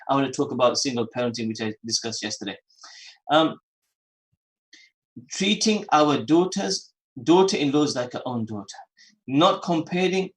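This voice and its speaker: A man's voice: mid-range voice, low-quality recording. A man hosting a religious phone-in radio show who repeats phrases for emphasis and mixes in Arabic and Urdu terms. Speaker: radio host.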